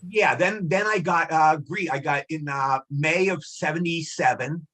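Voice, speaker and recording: A man's voice: fairly high pitch, measured pace, fairly bright tone. A man in his sixties, a guest actor telling rambling anecdotes in a casual interview and repeating himself.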